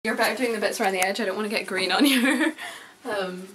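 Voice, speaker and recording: A young woman chatting casually with her flatmate, quick and offhand. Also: medium pitch, roomy sound, noisy background. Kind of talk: casual chat. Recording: background music.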